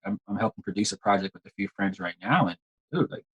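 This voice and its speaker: A man's voice: fairly low pitch, animated, quick pace, husky, muffled recording. A man chatting casually as an interview guest, laid-back and slangy, repeating words as he talks. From United States. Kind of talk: casual conversation.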